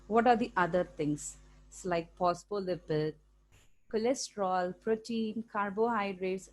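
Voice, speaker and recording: Woman, Indian English accent, science teacher, classroom lecture, patient step-by-step explaining. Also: mid-range voice. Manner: explains step by step, checks in with frequent "okay?".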